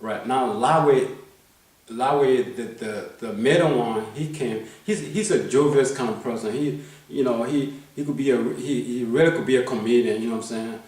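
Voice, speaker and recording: A Liberian man in his fifties tells stories from his life in a mellowish, medium-pitched voice at a moderate pace. He rambles, circles back, restarts sentences and keeps asking "you know what I'm saying." He sits far from the mic in a very echoey room.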